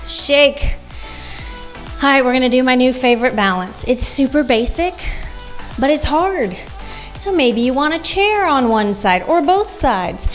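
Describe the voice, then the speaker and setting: A woman leading a guided workout class as fitness instructor, coaching moves and counting reps aloud. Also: a little high.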